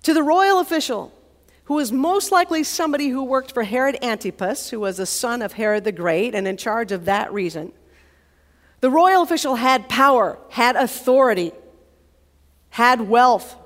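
A woman college chaplain preaching in a chatty, vivid storytelling way. Her voice sits a little high. Long reverb hangs after her words, as in a large chapel. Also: expressive, moderate pace. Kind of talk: sermon.

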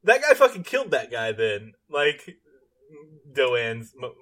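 Male co-host, animated bright voice, laughs a lot, sardonic. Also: medium pitch, takes it slowly. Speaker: podcast co-host. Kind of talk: casual chat.

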